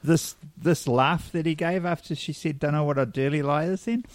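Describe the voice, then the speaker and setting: A man's voice: a little high, normal speed, dry recording. A New Zealand man co-hosting a podcast, telling stories in casual chat and acting out the quotes. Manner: animated storyteller acting out quotes. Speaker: podcast co-host.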